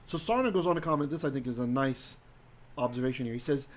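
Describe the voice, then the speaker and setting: A man teaching a live-streamed Hebrew Bible lesson in a conversational way, often asking "right?" and reading Hebrew verses slowly aloud. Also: medium pitch, a little hiss or hum.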